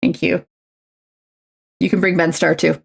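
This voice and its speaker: A woman's voice: fairly low pitch, little pitch movement, unhurried, vocal fry, breathy edge. A woman, chatting and rambling to herself and her viewers while she crafts on a stream. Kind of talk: casual chat while crafting.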